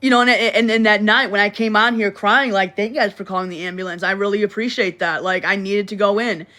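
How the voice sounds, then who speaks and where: A woman's voice: mid-range voice, fairly even intonation, fairly quick, bright, forceful tone. Rambling woman on a phone livestream. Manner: rambling and repetitive, frequent restarts; blunt, with frequent swearing. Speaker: livestream host. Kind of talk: casual livestream chat.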